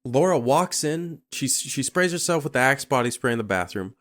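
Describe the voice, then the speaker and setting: Very deep-voiced woman podcast co-host. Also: animated, moderate pace, fairly bright tone. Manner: profane, laughing commentary. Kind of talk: casual movie recap chat.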